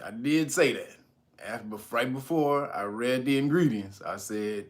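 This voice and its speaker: A man's voice: mid-range voice, normal speed. A man hosting his own vlog who talks casually and mockingly to his viewers, swearing freely and greeting them by name. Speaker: channel host.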